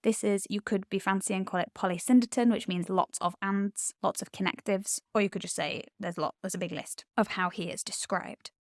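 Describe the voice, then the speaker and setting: A woman's voice: medium pitch, fairly even intonation, brisk, few pauses, no room sound, clean studio sound. A woman Latin tutor, explaining poetry in an enthusiastic, chatty way with frequent ums.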